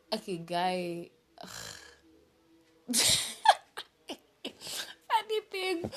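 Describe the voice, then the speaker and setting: A young woman with a Kenyan accent telling a story in a casual vlog, animated and mixing English with Swahili slang. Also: on the high side. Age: young adult. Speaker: vlogger. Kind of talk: storytime chat.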